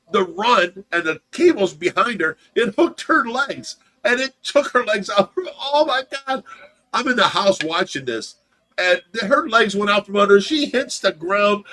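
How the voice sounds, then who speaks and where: A man's voice: fairly high pitch, bright, forceful tone. A middle-aged man hosting a livestream, telling stories in a casual chat and laughing through them. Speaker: livestream host.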